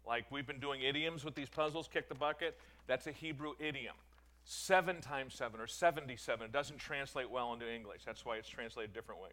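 A man's voice: mid-range voice, fairly quick, bright, forceful tone. A man leading a Bible study, reading scripture aloud and breaking off to explain it with casual, self-correcting asides. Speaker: Bible teacher.

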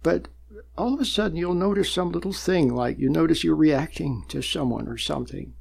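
A man's voice: on the high side, lively intonation, brisk, vocal fry, a little mellow, husky. A man giving a spoken talk about meditation on a program, in a conversational, repetitive way with frequent chuckles. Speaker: meditation teacher.

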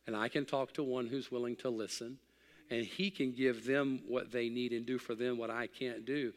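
A middle-aged man preaching a sermon as pastor, swinging from loud, excited exhortation to hushed, quiet reflection. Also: medium pitch, normal speed, long reverb tail.

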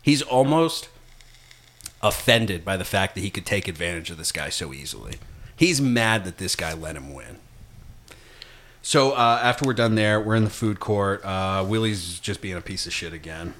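A man's voice: low-pitched, animated, normal speed, a bit bright, slight background noise. A young man hosting a casual chat, recapping a film scene by scene, swearing and laughing a lot. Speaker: podcast host.

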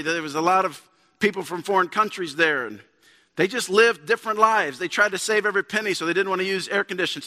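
A pastor in his thirties delivers a casual, conversational sermon that climbs into emphatic bursts. His voice sits high and sounds crisp and bright. Long reverb from the church hall trails behind each phrase. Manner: conversational preaching, rising to emphatic peaks. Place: church sanctuary.

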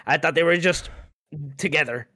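A man's voice: on the high side, moderate pace, sharp tone, no echo, clean studio sound. A man chatting casually about a video game, laid-back, swearing casually and mimicking characters. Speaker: podcast co-host.

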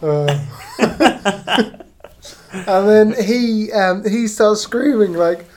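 A man's voice: high-pitched, lively intonation, extremely slow, darkish tone. A man in casual, laughing chat, recounting film scenes and swearing freely.

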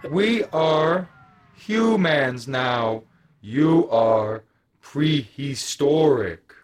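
A man voicing calm, floating brains in jars from the far future, speaking slowly and formally. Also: fairly high pitch, over a noisy crowd.

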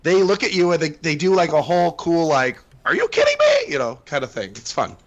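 A man's voice: on the high side, lively intonation, a little fast, highs cut off. A man co-hosting a casual podcast chat, rambling with lots of fillers and restarts. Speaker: podcast co-host.

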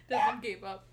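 A young woman casually telling a friend a story, animated, swearing freely and laughing as she talks. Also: fairly high pitch, very noisy. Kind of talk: casual chat.

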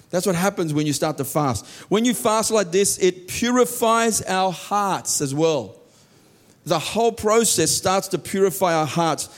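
An unhurried man delivers a sermon with earnest emphasis. He often drops into soft, low tones and prays aloud from the heart.

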